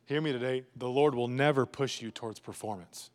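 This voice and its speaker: A man preaching a sermon as pastor, emphatic and repetitive, swinging between loud urging and hushed, low lines. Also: brisk, in a large hall. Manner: emphatic, repetitive preaching with sudden drops to a hush.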